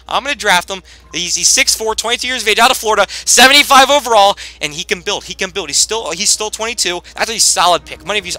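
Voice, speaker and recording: A man giving casual, rambling gameplay commentary as he plays, with sudden loud bursts of hype. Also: high-pitched, fast talker, few pauses, no echo. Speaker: gaming commentator.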